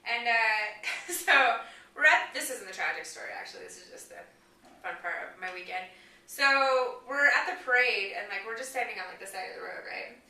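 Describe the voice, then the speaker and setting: A young woman telling a personal story in casual chat, talking fast with lots of "like"s and laughing as she goes. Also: fairly high pitch, animated, bright, forceful tone. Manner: chatty, many "like"s, laughs while talking. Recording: echoey room, far from the mic.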